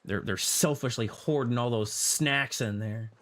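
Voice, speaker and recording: A man streaming a multiplayer game, chatting casually and jokingly, repeating himself and popping into sudden high exclamations. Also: a little slow, a bit bright. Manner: playful, jokey, repeats himself, jumps into squeaky exclamations. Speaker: gaming streamer. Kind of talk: casual multiplayer gameplay chat.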